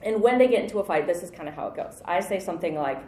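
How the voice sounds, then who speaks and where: A woman's voice: lowish voice, animated, racing, a little mellow, roomy sound. A woman in her thirties preaching a sermon in a conversational, self-deprecating way, with light laughs.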